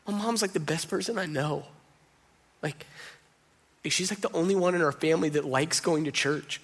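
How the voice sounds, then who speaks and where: A pastor with a fairly high, bright-toned voice preaches a conversational sermon at a moderate pace, pausing often. He talks casually and directly to the congregation, calling them "y'all" and dropping in "like" as filler.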